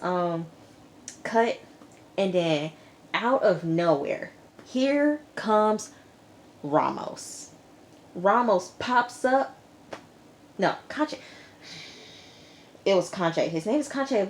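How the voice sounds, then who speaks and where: A woman vlogger recapping a TV episode in a casual, lively way, full of slang and quick asides. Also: mid-range voice, slight background noise. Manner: lively retelling with slang and acted-out quotes. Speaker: TV review vlogger.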